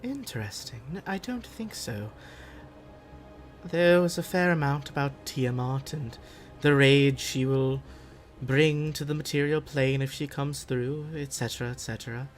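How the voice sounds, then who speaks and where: A man voicing an elegant, ancient female archmage in a breathy, gracious voice. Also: mid-range voice, faint music behind, lightly acted. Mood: courteous. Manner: gracious, measured courtly speech.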